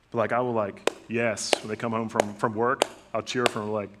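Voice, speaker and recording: A middle-aged man with a fairly low voice preaching a sermon. He talks casually, like he is chatting with the congregation, and acts out the quotes in his stories. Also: a little fast, hardly any pauses, heavy background noise. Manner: conversational storytelling with lively acted-out quotes. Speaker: pastor.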